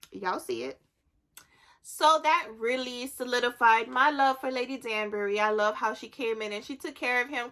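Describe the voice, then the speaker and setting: Woman, slightly high, bright and forceful, chatty recap host acting out quotes. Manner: chatty, animated storytelling with acted-out quotes. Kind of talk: casual TV recap.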